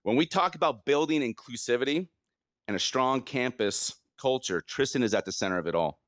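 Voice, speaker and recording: A man's voice: medium pitch, lively intonation, fairly quick, fairly bright tone, no echo, clean studio sound. A man giving a heartfelt, prepared award speech about a student from a podium. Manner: heartfelt, earnest, reading from notes. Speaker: school staff presenting a student award. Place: event podium.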